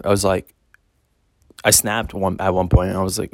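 Blunt, low-voiced man giving spiritual advice. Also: level tone, moderate pace, pauses often, dry recording. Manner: blunt, emphatic, swears freely. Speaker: spiritual reader. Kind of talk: casual spiritual monologue to camera.

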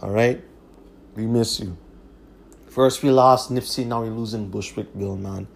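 A man's voice: on the low side, fairly even intonation, measured pace, gravelly. A man hosting his own podcast, talking in a blunt, profane, repetitive way. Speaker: podcast host. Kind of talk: casual monologue.

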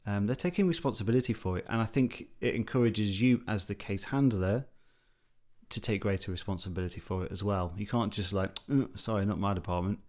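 A man's voice: fairly low pitch, a little fast, darkish tone. A man co-hosting a casual podcast, wry and self-deprecating as he chats. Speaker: podcast co-host.

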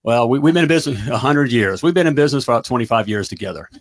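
A middle-aged man hosting a livestream as a business coach, giving an energetic pep talk and checking in with "all right?" again and again. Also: mid-range voice, racing.

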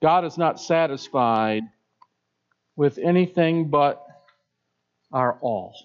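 Male preacher, high pitched, delivers with rising emphasis, muffled sound. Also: animated, slow, clean tone. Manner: emphatic preaching, swells and drops. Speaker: pastor. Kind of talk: sermon. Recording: dull lo-fi sound.

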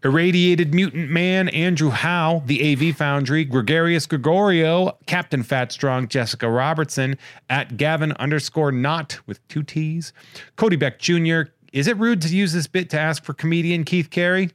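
A man in a mid-pitched voice trades jokes on a podcast and rattles off listener shout-outs. The sound is close and dry, with no room around it. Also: moderate pace, no room sound. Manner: jokey, rambling, reads listener shout-outs. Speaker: podcast host. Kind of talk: casual comedic podcast chat.

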